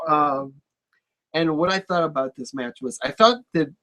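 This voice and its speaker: A man with a slightly high voice co-hosts a casual wrestling chat. He stays relaxed, mostly answers briefly, and adds dry jokes. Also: unhurried. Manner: relaxed, short agreeing replies, dry jokes. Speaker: wrestling podcast co-host.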